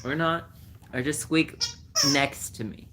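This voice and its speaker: A woman with a low voice speaks slowly and easily to her camera at home. She teases her dog in a playful sing-song and gives it short training commands, laughing now and then. A faint hiss of noise sits under her voice. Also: a bit bright. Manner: teasing baby-talk to the dog, often laughing. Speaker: vlogger. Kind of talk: casual chat while playing with and training a dog. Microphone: handheld camera.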